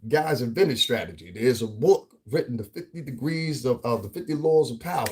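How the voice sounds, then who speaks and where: A man from the Northeastern United States giving a casual, profane commentary rant as a vlogger, animated and often laughing. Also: medium pitch, moderate pace, noisy background.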